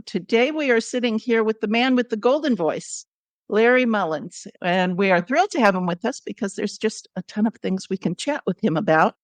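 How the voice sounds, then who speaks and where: A woman's voice: medium pitch, animated, moderate pace, no room sound. A woman hosting an interview podcast, friendly and joking in a casual chat. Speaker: podcast host.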